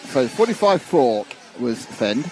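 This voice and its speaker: A man's voice: mid-range voice, sing-song, slow, a little mellow, a little hiss or hum. A man commentating live on a model car race, chatty and jokey, thinking aloud as he goes.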